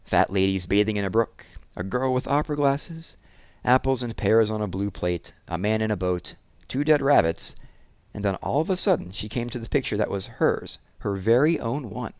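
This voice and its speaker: A man narrating a children's novel in a measured, expressive storybook style. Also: on the low side, dry recording. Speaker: audiobook narrator.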